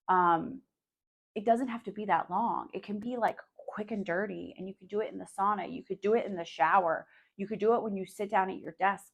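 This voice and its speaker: A woman's voice: on the low side, gravelly. A woman hosting her own podcast, talking casually and candidly straight to her listeners, swearing freely and filling her talk with "like" and "um". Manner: coaching, speaks directly to listeners. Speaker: podcast host. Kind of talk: casual solo podcast monologue.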